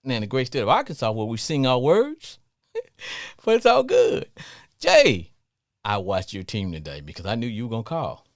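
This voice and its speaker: A middle-aged man from Louisiana with a Southern accent, hosting a call-in sports talk show in an animated, sing-song way. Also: mid-range voice, fairly quick, vocal fry, dry recording, clean studio sound. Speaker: radio talk show host.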